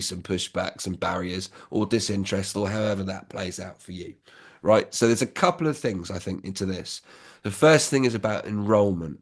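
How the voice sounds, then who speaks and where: A man in his fifties, a business school founder giving candid, reflective advice in a casual, conversational way. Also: low voice.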